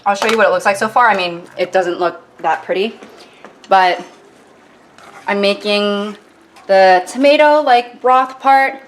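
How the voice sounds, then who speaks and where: A woman's voice: mid-range voice, a little slow, long pauses. Chatty young woman, roomy and distant. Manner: chatty, self-mocking, rambling with many fillers. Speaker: YouTuber. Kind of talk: casual cooking vlog chat. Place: home kitchen. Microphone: camera tilted down on the counter. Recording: roomy kitchen sound from a distant camera mic.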